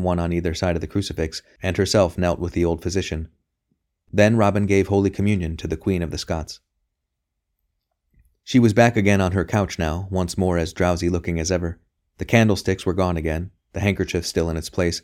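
A man narrating a novel as an audiobook reader, in a steady, even delivery. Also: low-pitched, a little fast. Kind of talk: scripted narration.

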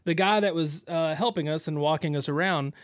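A man, a radio co-host telling an animated story and acting out other people's voices. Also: fairly high pitch, brisk. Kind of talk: casual storytelling on talk radio.

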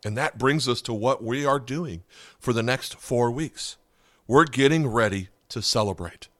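A man preaching a podcast sermon in a conversational way, often checking in with the listeners with quick questions. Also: mid-range voice, a bit bright, no room sound, clean studio sound. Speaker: pastor.

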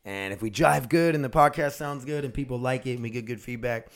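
Excitable, profane young man rambling. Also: medium pitch, brisk, few pauses. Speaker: podcast host. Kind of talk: rambling solo podcast chat.

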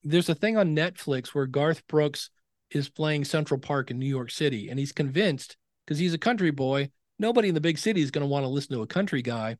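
A man's voice: on the high side, fairly quick, no room sound, studio quality. A middle-aged man, a podcasting expert guest in a casual interview, telling stories and acting out quoted dialogue. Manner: animated storyteller who acts out quoted dialogue.

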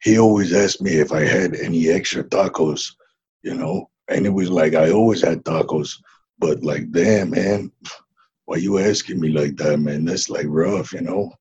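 A man's voice: low voice, moderate pace, darkish tone, slightly rough, muffled recording. A man playing a laid-back Mexican ex-wrestler who hatched from an egg, drawling and saying "man" constantly in a comedy interview. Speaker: interview guest.

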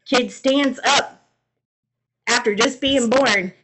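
A young woman co-hosting a podcast, retelling old stories in an animated, slangy, comedic way. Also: fairly high pitch, slow. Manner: animated, slangy, acts out voices. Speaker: podcast co-host. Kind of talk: comedic storytelling.

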